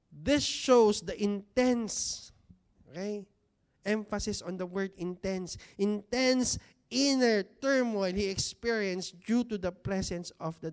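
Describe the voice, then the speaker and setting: Slow, high-voiced male preacher. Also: clear, resonant tone. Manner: conversational, asks the congregation rhetorical questions; stresses key words with slow, drawn-out delivery. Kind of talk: sermon. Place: church hall with congregation seated.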